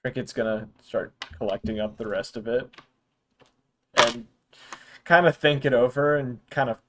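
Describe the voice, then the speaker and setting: A man's voice: mid-range voice, moderate pace, noisy background. A man narrating as game master of a tabletop game, chatty and laughing often.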